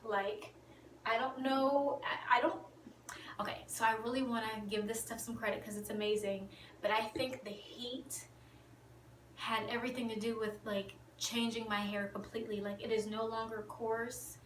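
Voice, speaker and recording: A woman vlogging in a gushing, excited way about her hair, now and then dropping to a whisper. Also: fairly high pitch, moderate pace, echoey room, recorded from a distance, a little hiss or hum, low-quality recording. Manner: gushing, animated, drops to whispers. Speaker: beauty vlogger. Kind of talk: excited casual vlog chat.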